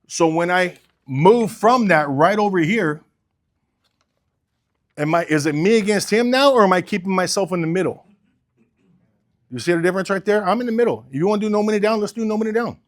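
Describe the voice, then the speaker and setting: A middle-aged man coaching a group on sales, acting out customer talks in a blunt, animated way and swearing casually. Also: high voice, fairly quick, pauses often. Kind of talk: sales training talk with role-play.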